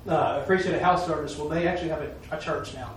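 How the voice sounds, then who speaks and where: Fairly high in pitch and fast-talking, this preacher tells his testimony in a church talk with a folksy, repetitive flow and frequent "I'm telling you"s. Faint noise and echo come through, as the mic was placed far off.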